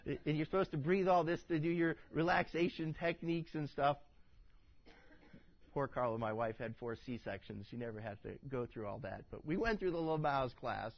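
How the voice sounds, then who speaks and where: A man's voice: on the high side, normal speed. A man preaching a sermon as pastor, reading scripture dramatically and with great animation. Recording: dull, dry audio.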